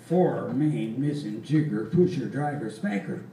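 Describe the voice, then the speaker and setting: A man's voice: mid-range voice, animated, a little slow, warm tone. A man in his eighties telling a rambling folksy story on stage, chuckling as he goes. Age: 80s. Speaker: folk performer and storyteller. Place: live performance venue. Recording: roomy live hall, distant mic, faint ambience.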